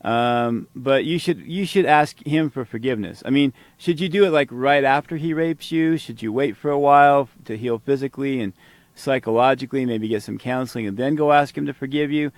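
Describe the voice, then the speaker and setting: A man's voice: mid-range voice, brisk, no echo. A man hosting a podcast, reacting to a played talk with heated, profane, sarcastic commentary. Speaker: podcast host.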